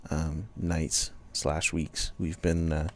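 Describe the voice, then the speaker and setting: A man's voice: a bass voice, level tone, slow. A man chatting casually while gaming, rambling through a story with lots of fillers. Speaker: co-host.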